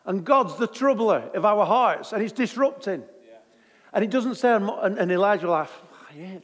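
Guy preaching, chatty and jokey, kinda high voice, big echoey hall. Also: normal speed. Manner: jokey, conversational, lively. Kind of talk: sermon.

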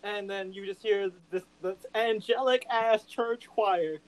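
A man's voice: high-pitched, a little slow, poor audio. A man co-hosting a podcast, chatting casually and with feeling, acting out and singing quotes. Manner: animated, gushing, sings and acts out quotes. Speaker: podcast co-host.

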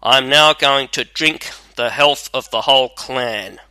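A man's voice: medium pitch, unhurried, sharp tone, no room sound, rough recording. A man voicing a bold, hungry soldier with a hearty, plainspoken manner in a storybook reading. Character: hungry bold male soldier, fearless and blunt.

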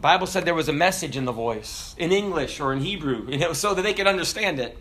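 A man in his forties preaching a sermon, swinging between shouted declarations and low, quiet asides. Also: lively intonation, quick pace, hardly any pauses. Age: 40s. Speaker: pastor.

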